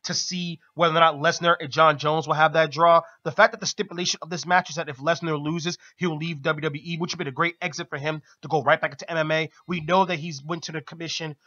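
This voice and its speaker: A man co-hosting a radio show, recapping wrestling in casual chat with excitement and laughter, loudly acting out quotes. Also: quick pace, few pauses, dull audio. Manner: excited, laughing, acts out quotes in loud high voice.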